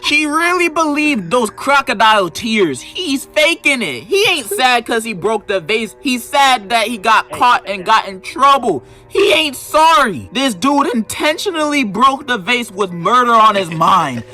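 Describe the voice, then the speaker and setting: A man gives comedic commentary in a high, bright voice that swings wildly in pitch. He sounds sarcastic and mock-outraged, speaking, while music plays faintly behind him. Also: sing-song, unhurried, hardly any pauses. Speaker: video narrator reviewing a book.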